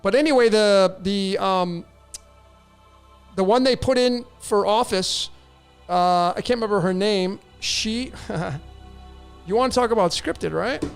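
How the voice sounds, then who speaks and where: Male host, high gravelly voice, rambling animated monologue, faint music underneath. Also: slow, long pauses. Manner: rambling, animated, with restarts and laughs. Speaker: host answering listener questions. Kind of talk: casual monologue. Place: in Mexico.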